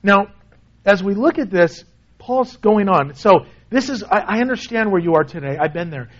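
A man preaching a sermon in a conversational way, often dropping to a soft, low voice for emphasis. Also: animated, normal speed, lo-fi sound. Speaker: pastor.

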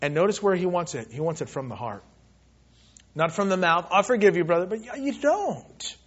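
A man preaching a sermon, reading scripture aloud and moving between loud, pleading lines and soft, hushed ones. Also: medium pitch, husky, lo-fi sound. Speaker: pastor.

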